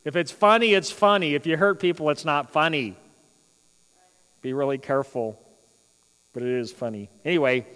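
A man with a high voice preaches a sermon from the pulpit, pushing hard on his emphatic points and then dropping to low, wry asides. The sound carries the long reverb of a large hall. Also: moderate pace, long pauses, clean tone. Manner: animated preaching, swings between loud emphasis and quiet asides. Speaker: pastor.

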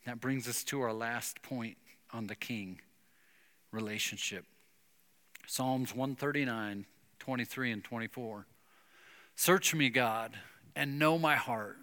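A man preaching a sermon, retelling a Bible story with lively acted-out dialogue. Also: mid-range voice, slow pace, long pauses, long reverb tail. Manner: animated storytelling, acting out biblical dialogue. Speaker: pastor.

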